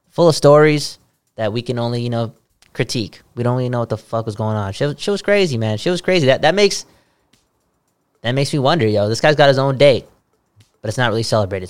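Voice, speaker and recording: A man's voice: medium pitch, brisk, clear, resonant tone. A young man co-hosting a podcast, chatting casually with lots of swearing and jokes. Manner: swearing, joking, excitable. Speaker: podcast co-host.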